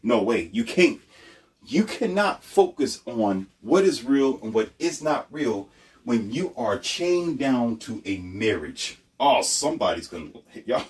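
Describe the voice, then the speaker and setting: A man's voice: medium pitch, sing-song, a little slow, recorded from a distance. A man delivering a blunt, preachy motivational monologue, emphatic and repetitive.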